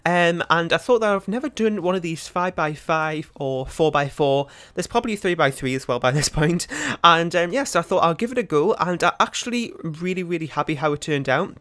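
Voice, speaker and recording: A young British man talks his viewers through a game build in a loose, rambling way, full of ums and likes. His voice sits a little higher than most men's. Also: brisk, a bit bright. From United Kingdom. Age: young adult. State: out of breath. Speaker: gaming YouTuber. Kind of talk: casual commentary over a speed build.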